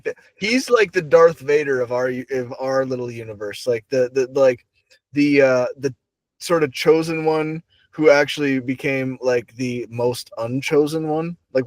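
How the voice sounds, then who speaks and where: A man's voice: mid-range voice, normal speed, no room sound. A young man hosting a casual podcast, rambling with lots of fillers and laughing often. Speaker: podcast host. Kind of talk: casual chat.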